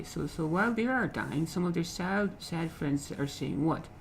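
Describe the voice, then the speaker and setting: Gravelly man explaining a poem. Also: fairly high pitch, animated, slight background noise, poor audio. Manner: repeats phrases, frequent "okay?" checks, halting restarts. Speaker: literature teacher.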